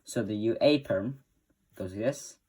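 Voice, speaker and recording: A man's voice: fairly low pitch, measured pace, darkish tone, husky. A man hosting a casual spoken tutorial, talking in a stop-start way and correcting himself as he goes. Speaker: tutorial host.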